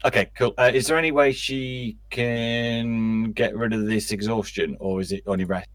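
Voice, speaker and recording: A man playing in a tabletop game over a call, slowly describing his character's actions. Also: mid-range voice, fairly even intonation, dry recording. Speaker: player.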